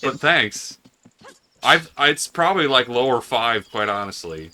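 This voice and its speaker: A young man co-hosting a game playthrough, swearing freely and telling stories in a sardonic, animated way. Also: mid-range voice, moderate pace. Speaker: let's play co-host. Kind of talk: casual gaming chat.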